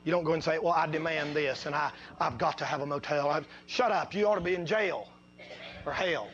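A high-pitched man with a drawl preaches a folksy sermon. He tells homespun stories, sinks into low, quiet passages, and climbs into loud, drawn-out exhortation. The sound is muffled and lo-fi. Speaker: pastor.

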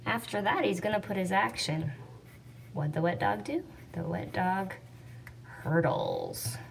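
A woman's voice: medium pitch, wildly swooping pitch, unhurried, vocal fry. A woman teacher patiently explaining sentence writing step by step. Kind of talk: classroom explanation. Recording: distant mic with faint noise.

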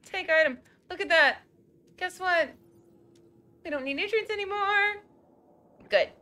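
A woman's voice: very high-pitched, unhurried, bright, forceful tone. A young woman streaming a game live, nervous and jumpy, swearing and chatting to her viewers.

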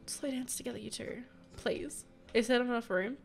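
A woman's voice: on the high side, moderate pace, creaky. A young woman giving casual, giggly let's play commentary, gushing over sweet moments in the game with faint game music behind her. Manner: gushing, giggly, easily moved. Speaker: gameplay commentator.

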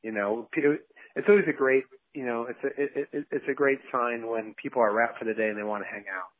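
A man's voice: mid-range voice, steady tone, fast, no echo. Male director, guest interview, anecdotal and rambling with frequent laughs, dry phone-line sound. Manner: rambling, laughs often, acts out quotes. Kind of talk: casual interview chat. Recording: dry, tinny phone-like audio.

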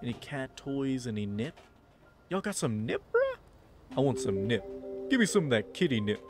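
A man's voice: medium pitch, huge pitch swings, normal speed. Joking man narrating gameplay. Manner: playful, joking, slangy. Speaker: gameplay commentator. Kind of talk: casual gameplay commentary. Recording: game music playing behind.

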